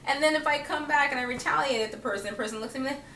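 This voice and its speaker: A woman's voice: high voice, rapid-fire, pushed and bright, a little hiss or hum. A young woman telling comic stories to camera in a casual vlog, acting out other people's voices and laughing often. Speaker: vlogger. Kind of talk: casual comedic storytelling to camera. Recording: echoey room, mic at a distance.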